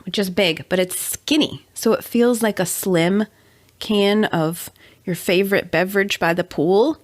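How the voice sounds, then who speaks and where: A woman co-hosting a podcast in casual chat, her voice raspy and hoarse from a cold, chatty and upbeat. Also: medium pitch, unhurried, no room sound, studio quality. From North Carolina. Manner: chatty and upbeat, laughs often. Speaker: podcast co-host; mother. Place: closet.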